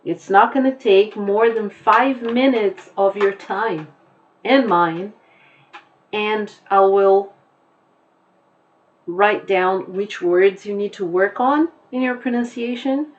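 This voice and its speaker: A woman English teacher giving a recorded class lesson, explaining slowly and patiently with examples. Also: medium pitch, highs cut off, a little hiss or hum.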